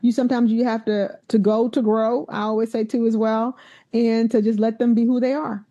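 A woman's voice: a little high, a little fast, highs cut off. A woman who is a university president, telling stories in an interview and acting out the voices of the people she quotes. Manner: animated storyteller, acts out quoted voices. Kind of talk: conversational interview storytelling.

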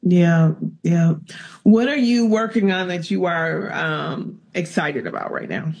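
A middle-aged woman hosting an interview, casual and expressive, laughing easily. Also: on the low side, slow pace, vocal fry, breathy edge, dull audio. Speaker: interview host. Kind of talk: conversational interview.

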